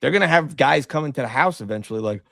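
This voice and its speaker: Quick-paced and creaky, this medium-pitched male voice belongs to a middle-aged podcast co-host, recorded with no room sound. He chats casually and tells stories, animatedly voicing what people said while swearing freely.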